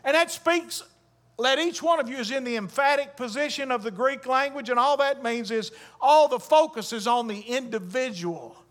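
A man's voice: very high voice, expressive, normal speed, hardly any pauses, fairly bright tone. A man preaching a sermon as a Baptist pastor, emphatic and calling on the congregation to answer back. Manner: emphatic preaching with call-and-response.

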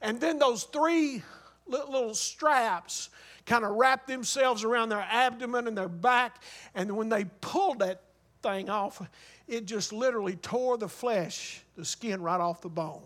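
A man delivers a sermon in a strikingly high voice with a bright, forceful edge. He drives his points hard and builds them with repeated rhetorical questions. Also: measured pace. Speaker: preacher.

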